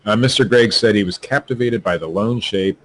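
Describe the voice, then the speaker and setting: A man co-hosting a podcast, reading news stories aloud in a halting way with many fillers and laughs. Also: lowish voice, a bit bright, slight background noise.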